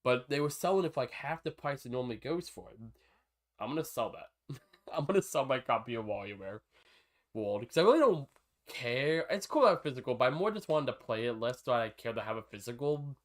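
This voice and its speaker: A man chatting casually on a live gaming stream, rambling between thoughts and breaking into sudden excited outbursts. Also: medium pitch, fairly quick.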